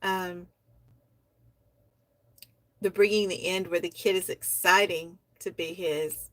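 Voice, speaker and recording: Slow, soft-spoken woman reading poetry. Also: on the low side, steady tone, no room sound. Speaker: host of a poetry society livestream. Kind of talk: reading members' poems aloud and commenting.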